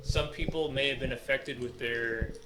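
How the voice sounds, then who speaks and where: A young man co-hosting a student podcast, throwing in quick quips in casual chat. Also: mid-range voice, fairly even intonation, pushed and bright, slight background noise, low-quality recording. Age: young adult. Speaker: podcast co-host, engineering student.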